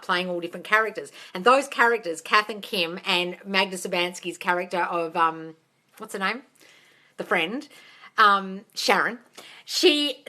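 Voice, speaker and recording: A woman hosting a casual live Q&A as a manifestation coach, chatty and animated, swearing freely and laughing often. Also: mid-range voice. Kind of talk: casual live-stream chat.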